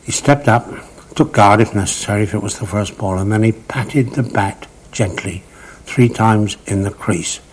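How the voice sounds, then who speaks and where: The audio quality is poor as an older man, his voice on the low side with a breathy edge, shares cricket anecdotes at normal speed. He's a dramatic storyteller, painting vivid scenes and stretching words for emphasis.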